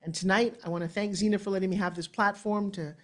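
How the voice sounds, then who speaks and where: A woman in her sixties with a New York accent, speaking on an event stage as a motivational speaker. She tells her stories dramatically, acting out the quotes. Her voice sits at an ordinary, mid-range pitch. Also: fast talker. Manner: dramatic, animated storytelling with acted-out quotes. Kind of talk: motivational keynote speech. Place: event stage before an audience.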